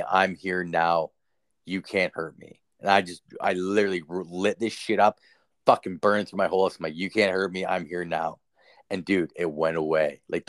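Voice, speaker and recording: A young man with a very deep voice tells a ghost story in casual chat. He rambles, swears freely and leans on fillers. The sound is dry and close. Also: fairly bright tone, no room sound. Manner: profane, rambling, filler-heavy. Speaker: storyteller guest.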